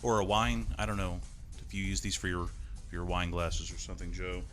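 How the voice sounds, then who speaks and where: A man's voice: low voice, fairly even intonation, a little fast, fairly bright tone, soft background music. A man co-hosting a casual talk show, making dry joking asides. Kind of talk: casual chat.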